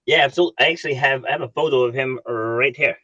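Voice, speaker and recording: Bright-voiced man, earnest coach. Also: medium pitch, very fast, dry recording, highs cut off. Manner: earnest storyteller, acts out dialogue. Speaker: coach and podcast guest. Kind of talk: casual interview chat.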